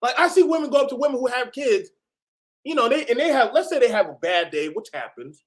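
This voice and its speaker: A man hosting a reaction video, talking casually and profanely, often bursting into shouts. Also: very high-pitched, expressive, fairly quick.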